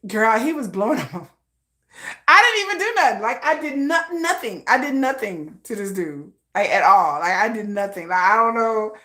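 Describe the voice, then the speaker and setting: A woman hosting a casual livestream from home, telling a story in animated, slangy talk and acting out the voices of other people. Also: fairly high pitch, moderate pace. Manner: animated, slangy, acts out quoted voices with laughs. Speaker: livestream host.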